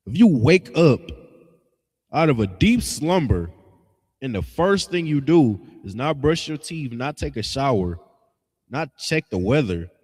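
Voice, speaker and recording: A man's voice: medium pitch, darkish tone, breathy edge, big-room sound. A man teaching a religious lesson in a blunt, scolding, emphatic way, with slangy asides. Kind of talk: street-style preaching lesson.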